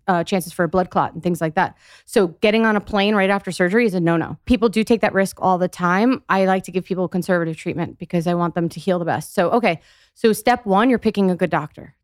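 Emphatic woman guest explaining clearly. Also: lowish voice, dry recording, studio quality. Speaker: physical therapist guest. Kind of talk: podcast interview.

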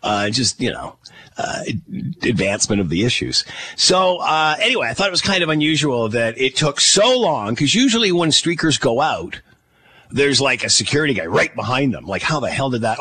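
A man from Canada hosts a radio podcast in casual, rambling chat, breaking into mock quotes and chuckles. His voice is bright and lively, and the studio sound is dry. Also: medium pitch, moderate pace, breathy edge, no room sound.

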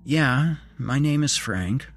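Man playing a scared young schoolboy, nervous, pleading, raised pitch, faint music underneath. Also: animated, takes it slowly.

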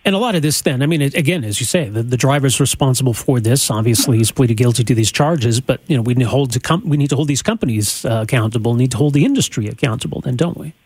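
Husky-voiced male radio host asking questions. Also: mid-range voice, animated, fast talker, hardly any pauses, a little mellow, no room sound. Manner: prompting questions, conversational. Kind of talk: radio interview.

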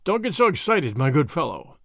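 A flippant, self-assured young Englishman taunts the people holding him, scornful and calm. A man reads him in an audiobook, his voice set a touch high and full of lively rises and falls, close and dry with no room sound. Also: brisk, vocal fry, no room sound, heavily acted. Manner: confident, mocking. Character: cool, flippant young Englishman bluffing captors.

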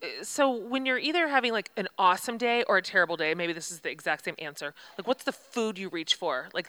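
A woman's voice: mid-range voice, quick pace, few pauses, sharp tone. A middle-aged woman hosting a casual interview chat, playful and teasing as she asks questions. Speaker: host.

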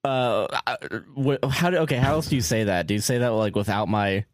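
A man's voice: mid-range voice, a little fast, no room sound, studio quality. A man co-hosting a podcast, reacting to a story with loose, swearing banter and tripping over his words. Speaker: podcast co-host. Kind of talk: casual comedic chat.

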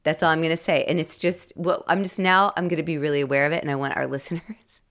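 A woman co-hosting a podcast in relaxed chat, playful and teasing with her co-host. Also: low voice, fast talker.

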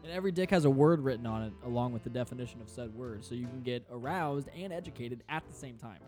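A man with a middle-pitched voice hosts a comedy podcast, rambling through crude jokes. He explains things in long, loose stretches, with faint music playing low. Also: animated, fast talker. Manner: rambling, crude, laughs often. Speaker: podcast host. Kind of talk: casual comedy banter.

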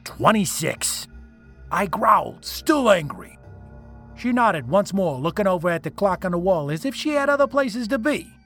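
A man's voice: high-pitched, animated, moderate pace, faint music behind. A man reading a first-person story aloud, telling it dramatically and with emotion. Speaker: narrator. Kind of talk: first-person scripted narration.

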